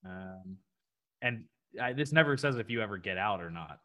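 A man co-hosting a casual podcast, laid-back and working through puzzles out loud. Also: lowish voice, lively intonation, normal speed. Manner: laid-back, thinks aloud. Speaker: podcast co-host.

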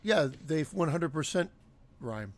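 High-voiced easygoing man on a podcast. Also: expressive, a little slow, dry recording. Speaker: podcast co-host. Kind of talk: casual podcast chat.

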